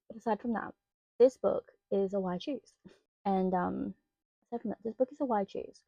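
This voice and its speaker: A young Australian book vlogger chats casually about books in a medium-pitched, mellow voice with vocal fry. She's chatty and rambling and quick to slide into rants, and the recording is dry and dull.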